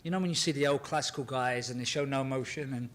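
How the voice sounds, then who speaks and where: A man answering fan questions at a convention panel, animated and excitable, often acting out scenes and laughing as he talks. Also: mid-range voice, fast talker, slight background noise. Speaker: actor guest at a fan panel. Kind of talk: casual panel Q and A.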